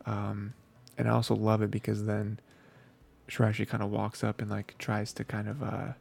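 A man with a deep, gravelly voice and a husky edge talks through a show in a relaxed, rambling way. He fills pauses with ums and you-knows and slips into quick quoted lines. It sounds like easygoing podcast chat. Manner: rambling, lots of fillers, quoting characters in quick asides. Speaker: podcast co-host. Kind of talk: casual anime review chat.

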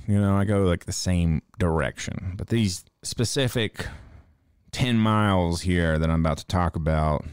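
A man's voice: low-pitched, smooth, no echo, clean studio sound. A young man hosting a casual podcast, telling rambling stories full of swearing in a laid-back way. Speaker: podcast host. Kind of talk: casual livestream podcast monologue.

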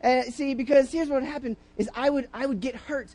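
A young man giving a casual sermon in a church, rambling through personal stories with many restarts and fillers, and bursting into loud acted-out voices. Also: very high-pitched, steady tone, fairly quick. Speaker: preacher.

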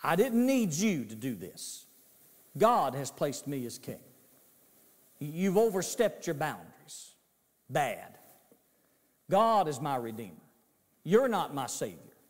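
A man's voice: on the high side, big pitch swings, takes it slowly, long pauses, big-room sound, pitched below the performer's own voice. A preacher acting out a stern rebuking king. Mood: scolding. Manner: rebuking, indignant, emphatic. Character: stern righteous old-testament king, man.

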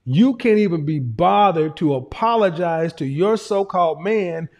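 High-voiced guy ranting to his stream chat, blunt and swears a lot. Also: expressive, a little slow, a little mellow. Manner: blunt, emphatic, profane lecturing. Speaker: streamer and commentator. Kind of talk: casual livestream commentary.

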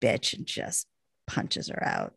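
Gravelly-voiced woman podcaster. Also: fairly low pitch, expressive, moderate pace, no echo, studio quality. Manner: enthusiastic, acts out lines from scenes. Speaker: podcast co-host recapping a TV episode. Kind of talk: casual chat.

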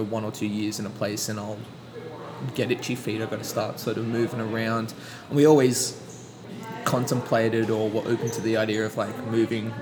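A young Australian man with a slight British lilt, chatting in a relaxed, rambling way full of fillers. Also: fairly low pitch, poor audio. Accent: Australian with British inflections. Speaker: podcast guest. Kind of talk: casual chat. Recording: audible background noise.

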